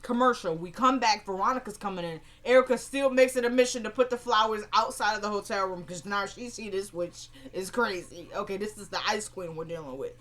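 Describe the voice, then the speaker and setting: A woman's voice: mid-range voice, brisk, few pauses. Chatty woman recapping a TV episode. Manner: chatty, animated, acts out quoted lines.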